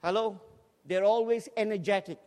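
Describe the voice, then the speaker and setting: A man preaching a lively, humorous sermon in a large church hall, joking with the congregation and urging them to respond. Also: high voice, normal speed. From Scotland. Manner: energetic, jokey, urges the crowd to respond. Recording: long hall reverb in a church.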